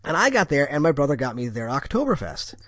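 Wisconsin man, podcast co-host, lively up-and-down delivery, rambling storyteller, dry close mic. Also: fairly high pitch, fast, no room sound. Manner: rambling storyteller with frequent restarts. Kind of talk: casual chat.

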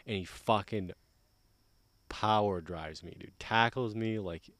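A man's voice: lowish voice, takes it slowly, a bit bright, dry recording. A man in casual podcast chat, telling a rambling, profane story.

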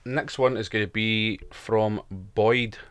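A man's voice: lowish voice, fairly even intonation, slow, fairly bright tone, clean tone. A Scottish man co-hosting a podcast, joking and swearing in casual banter. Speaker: podcast co-host. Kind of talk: casual chat.

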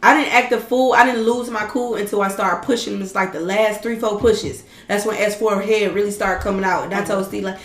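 A woman's voice: mid-range voice, fairly even intonation, brisk, few pauses. A young woman telling an emphatic story in casual chat. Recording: echoey room.

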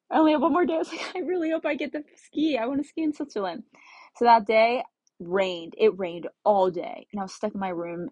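A woman's voice: medium pitch, a little mellow, dry recording. A young woman casually telling a travel story, chatty and laughing often as she acts out what she said. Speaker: travel vlogger.

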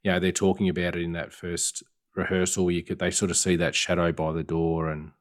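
A man's voice: low voice, a little fast. A man co-hosting a casual film podcast, retelling scenes and acting out the characters' lines. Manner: animated retelling, acting out scenes in quoted voices. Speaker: podcast co-host.

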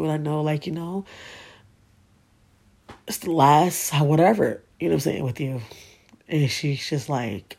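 Woman, 30s, gravelly and husky voice, raw rambling monologue full of curses and fillers. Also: low-pitched, moderate pace, pauses often, a little mellow. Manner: emotional, profane, rambling with many fillers. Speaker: vlogger. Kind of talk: personal storytelling monologue.

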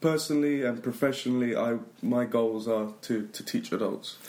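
Brief: British male teacher, mid-pitched voice, hesitant interview answers with lots of ums. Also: normal speed, darkish tone. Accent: British English. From England. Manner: hesitant, many ums and restarts. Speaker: guest, English teacher. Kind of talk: casual interview.

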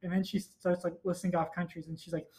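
A man's voice: high voice, little pitch movement, quick pace, darkish tone. Joking young man co-host. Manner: joking and self-mocking, drops into mock ad reads. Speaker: podcast co-host. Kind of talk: casual chat.

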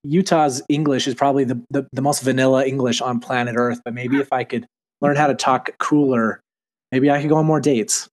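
A man's voice: medium pitch, fairly even intonation, brisk. A man from Utah chatting casually as a podcast co-host, rambling with fillers and restarts. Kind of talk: casual TV recap chat.

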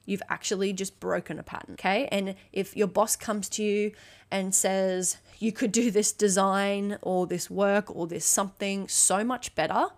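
A young woman talks straight to her listeners on her own podcast, blunt and emphatic, with plenty of casual swearing. She keeps checking in with a quick "okay?" as she drives each point home, in a voice of ordinary middle pitch. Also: fairly even intonation. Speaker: podcast host. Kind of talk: solo motivational podcast talk.

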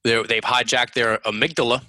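Bright-voiced man coaching on a podcast. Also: mid-range voice, moderate pace, dry recording, rough recording. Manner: animated, acts out quoted voices, many restarts. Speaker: guest coach. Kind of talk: conversational podcast interview.

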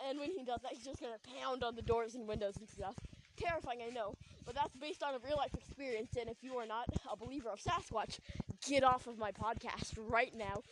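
A woman's voice: high-pitched, background noise. A young woman hosting a podcast, telling a story in a rambling, giggly way with lots of fillers. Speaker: podcast host. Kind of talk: casual storytelling.

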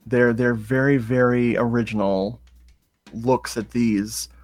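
A man's voice: medium pitch, fairly even intonation, slow pace, faint music behind. A man who is guest co-host on a film podcast, joking and enthusiastic in casual chat.

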